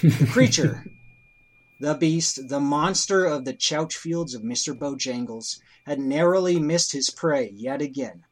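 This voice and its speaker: Slow deadpan male storyteller. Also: on the high side. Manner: deadpan, drawn-out delivery punctuated with crude insults. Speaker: podcast co-host and storyteller. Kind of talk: improvised comic narration.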